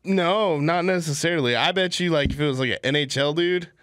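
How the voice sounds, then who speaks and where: A man's voice: fairly high pitch, a little fast, fairly bright tone, no room sound, clean studio sound. A man co-hosting a comedy podcast, trading crude jokes and laughing at his own lines. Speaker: podcast co-host. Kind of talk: casual comedic banter.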